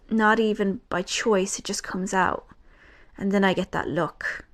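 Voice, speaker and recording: A woman's voice: medium pitch, measured pace. Woman reading aloud with animation. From Ireland. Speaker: podcast co-host. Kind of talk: podcast intro and expressive reading aloud.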